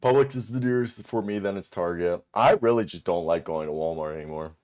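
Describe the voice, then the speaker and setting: A man's voice: low-pitched, fairly quick, darkish tone. A young man hosting a casual streamed show, talking loosely, swearing now and then and cutting in on his co-host. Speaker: podcast host. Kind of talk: casual chat. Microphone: desk microphone.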